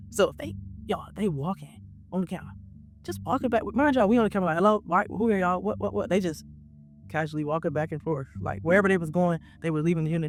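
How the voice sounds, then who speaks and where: A young man telling a story to his viewers in a casual, animated way, acting out what people said. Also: a little high. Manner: animated, acts out quotes, talks straight to viewers. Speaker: vlogger.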